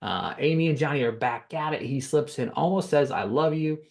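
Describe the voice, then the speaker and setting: A man's voice: a little high, normal speed, gravelly. A man hosting a podcast, casually recapping a reality dating show in a rambling way, repeating words, with frequent ums and some cursing.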